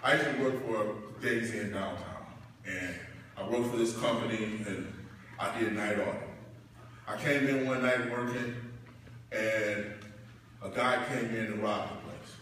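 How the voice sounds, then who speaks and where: A man's voice: a little slow, pauses often, slight background noise. Preacherly man speaking in an echoey hall. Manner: preacherly, swells loud and high when building up. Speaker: parent giving a graduation speech. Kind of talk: commencement speech with personal stories. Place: large hall or church. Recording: echoey hall, distant mic.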